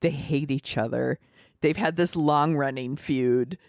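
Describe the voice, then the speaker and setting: A woman co-hosting a podcast, recapping a film plot in animated, casual chat. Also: deep voice, a little slow, no echo, clean studio sound. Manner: chatty, animated recapping with laughs and fillers. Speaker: podcast co-host. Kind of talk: casual movie discussion.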